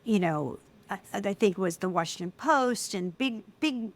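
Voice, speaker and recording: A middle-aged woman speaking as an interview guest, telling personal stories in an animated way and acting out the voices of people she quotes. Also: mid-range voice, normal speed. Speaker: guest, filmmaker. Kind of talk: casual interview conversation.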